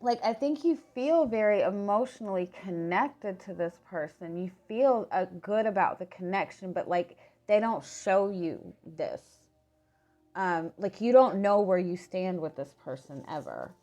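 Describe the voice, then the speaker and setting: Hoarse woman giving a tarot reading. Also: mid-range voice, lively intonation, warm tone. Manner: halting, restarts words, many "like"s. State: hoarse, losing her voice. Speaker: tarot reader.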